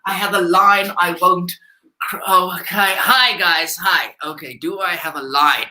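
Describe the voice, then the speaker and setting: A man's voice: sits high, pushed and bright, exaggerated voice. A ventriloquist voicing a cheeky, outspoken male puppet sidekick, joking sarcastically over a video call. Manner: sarcastic, quick jokes, mock outrage. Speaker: puppet comedian guest.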